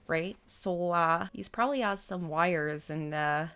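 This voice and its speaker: A woman hosting a casual gameplay video, excitable and rambling, laughing often as she talks. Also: on the low side, measured pace, clear, resonant tone. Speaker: gaming channel host.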